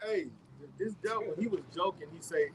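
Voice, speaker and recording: A man with a Southern US accent preaching outdoors on a street, forceful and emphatic, often repeating his words. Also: high voice, normal speed, a little hiss or hum, rough recording.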